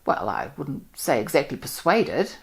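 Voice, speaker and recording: Woman reader doing a loud bossy village spinster, booms out her gossip, super sure of herself, pitch swings all over. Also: sing-song, vocal fry, full character voice. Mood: blunt, gossipy. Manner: loud, brisk, complacent, gossiping. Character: blunt booming middle-aged village spinster woman.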